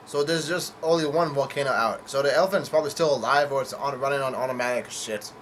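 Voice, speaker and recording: A man recapping a comic chapter in a loose, hesitant way, stopping on fillers and fixing his own words as he goes. His voice sits at a middling pitch, and he swears now and then. A faint hiss runs under the recording. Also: quick pace, a bit bright. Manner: hesitant, full of fillers and self-corrections, casual swearing. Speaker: manga chapter reviewer. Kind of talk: casual chapter recap read-through.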